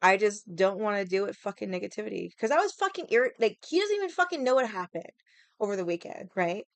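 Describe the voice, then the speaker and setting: A woman's voice: mid-range voice, sing-song, fast talker, no echo. A young woman hosting a casual livestream, ranting in a sassy, profane, rambling way and greeting viewers. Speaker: livestream host.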